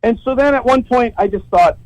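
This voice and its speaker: A man's voice: extremely high pitch, brisk, dry recording, low-quality recording. A man telling a story as a guest on a podcast, casual and profane, often stumbling and repeating words as he starts a sentence.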